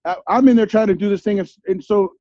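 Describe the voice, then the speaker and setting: Telling frank stories as a guest in an interview, a middle-aged man talks in street slang, cursing often and repeatedly saying "you feel me?". His voice is high and warm at a quick pace, recorded with no room sound and the highs cut off.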